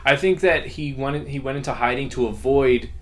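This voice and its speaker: A young man co-hosting a podcast in easygoing conversation. He sounds matter-of-fact and unhurried, and slips in dry, wry jokes along the way. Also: medium pitch. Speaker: podcast co-host. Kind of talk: casual chat.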